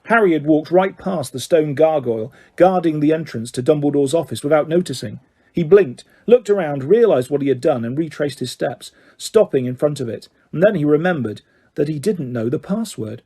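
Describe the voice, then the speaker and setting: Mellow husky male audiobook narrator. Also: a little high, normal speed. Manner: steady storytelling.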